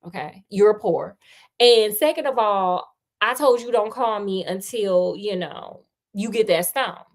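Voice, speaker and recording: A woman's voice: mid-range voice, a little slow, natural voice. A woman voicing a haughty, impatient rich male lord who hurls slangy, dismissive insults.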